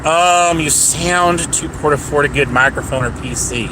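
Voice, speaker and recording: A man's voice: a little high, normal speed. A man rambling on a livestream while driving home, profane and combative, with lots of fillers, restarts and taunts at viewers. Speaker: livestream host. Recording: noisy car cabin.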